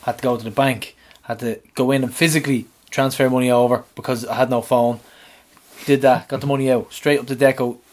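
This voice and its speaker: A man, co-hosting a podcast and animatedly retelling his week, swearing and shouting out the lines he quotes. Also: mid-range voice, steady tone, brisk. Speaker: podcast co-host. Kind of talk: casual storytelling chat.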